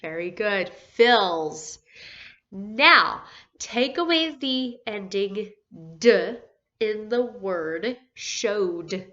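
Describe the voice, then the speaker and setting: A first grade teacher walks children through word endings, sounding out each letter with care. Her voice is bright and forceful, and she takes her time. The recording sounds a little muffled. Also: mid-range voice, animated. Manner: slow, clear, encouraging, sounding out letters. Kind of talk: phonics lesson for young children.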